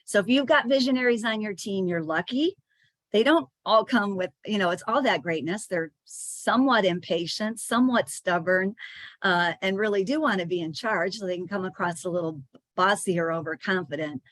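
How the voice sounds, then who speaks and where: A woman's voice: medium pitch, moderate pace, fairly bright tone, dry recording. A woman giving a chatty presentation to sales leaders, with frequent fillers and small restarts.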